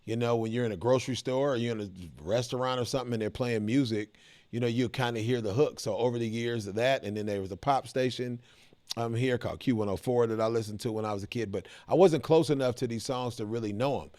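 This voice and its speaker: A man's voice: medium pitch, steady tone, fast, a little mellow, dry recording. A middle-aged American man hosting a reaction video, talking to his viewers in a laid-back, chatty way. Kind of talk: casual reaction commentary.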